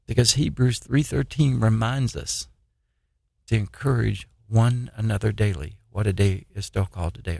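A man giving an informal sermon on his own program, reading scripture haltingly and pressing listeners with repeated questions. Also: mid-range voice, creaky, darkish tone, husky, dry recording, studio quality. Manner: halting, restarts and "uh" while reading verses, then urgent repeated questions.

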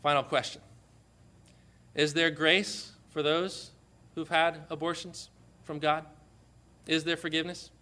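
A man preaching an impassioned sermon, moving from quiet storytelling to loud, forceful proclamation. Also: fairly high pitch, flat delivery, measured pace, pauses often.

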